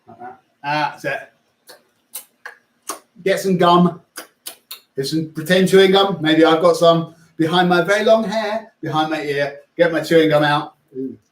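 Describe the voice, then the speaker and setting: Upbeat man leading warm-ups in an echoey room. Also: on the high side, a little slow, pauses often. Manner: upbeat, playful, coaxing instructions. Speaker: primary school music teacher.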